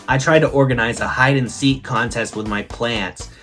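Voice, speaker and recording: A man's voice: medium pitch, steady tone, moderate pace, over music. A man hosting a comedy show, delivering corny jokes and a monologue with a playful, theatrical manner. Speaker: host. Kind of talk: comedic joke-telling monologue.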